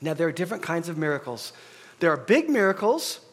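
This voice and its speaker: A man's voice: on the high side, fairly quick. A middle-aged man, a pastor, giving a conversational sermon, telling stories and acting out the voices of the people in them. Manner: animated storyteller, acts out quoted voices.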